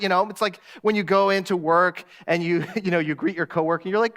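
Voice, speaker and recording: A man preaches a sermon in a high, light voice. He speaks in a conversational way and acts out the people he quotes with a touch of humor. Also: animated, fairly quick, hardly any pauses, fairly bright tone. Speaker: guest preacher.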